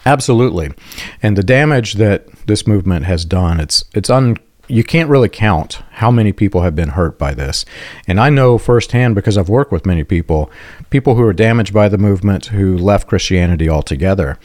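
A man's voice: low voice, expressive, a little fast, darkish tone, no room sound, studio quality. A man hosting a conversational interview, speaking earnestly and with emphatic conviction.

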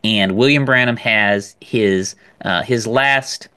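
A man co-hosting a podcast, talking in an animated, emphatic way and repeating words as he builds a point. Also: lowish voice, slow, smooth. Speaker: podcast co-host. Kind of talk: casual podcast discussion.

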